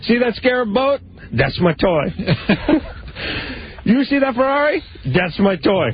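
A boastful rich guru shows off his toys in broken English. The voice sits far above the speaker's own and squeaks through a muffled, lo-fi radio broadcast. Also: big pitch swings, slow pace, breathy edge, heavily acted. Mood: bragging.

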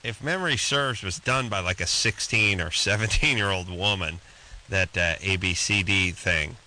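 A man co-hosting a late-night call-in radio show, talking in a quick, sarcastic, joking way. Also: low-pitched, pushed and bright, rough recording. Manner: wisecracking, sarcastic.

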